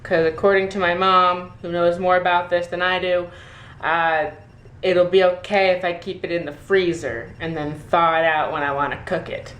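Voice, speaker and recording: A woman's voice: fairly low pitch, little pitch movement, moderate pace, a bit bright. A woman vlogging casually from her home kitchen, rambling and self-deprecating with plenty of fillers. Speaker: daily vlogger. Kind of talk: casual vlog chat. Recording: echoey room with faint noise.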